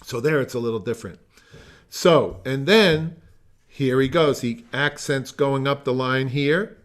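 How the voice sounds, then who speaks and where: This man, unhurried and mid-range in pitch, is teaching a music masterclass by video call. His long explanations drift into tangents, and he sings phrases aloud as examples.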